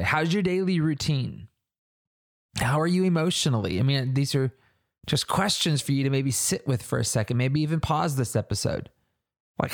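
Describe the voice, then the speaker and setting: A man hosts a faith-focused leadership podcast in a sincere, conversational tone. His voice has a gravelly edge. He asks the listener searching questions. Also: medium pitch. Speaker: church leader podcast host. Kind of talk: reflective podcast teaching.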